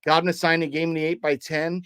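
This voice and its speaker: A man's voice: a little high, quick pace, clear, resonant tone, no room sound. Dry, close-miked man telling a story. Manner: lively storyteller who acts out remembered dialogue. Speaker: podcast co-host. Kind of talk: casual podcast chat, telling a personal story.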